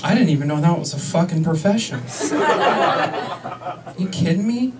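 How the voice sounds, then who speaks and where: Sarcastic young comedian, higher voice. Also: male voice, animated, moderate pace, far from the mic, very noisy. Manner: sarcastic, crude, mock-outraged asides. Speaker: stand-up comedian. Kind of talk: stand-up set. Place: comedy club stage.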